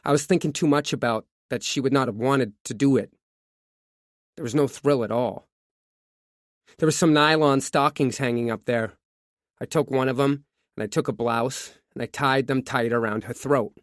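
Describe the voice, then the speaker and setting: A man narrating a true crime audiobook, reading a confession in a measured first-person voice. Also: medium pitch, no room sound, clean studio sound.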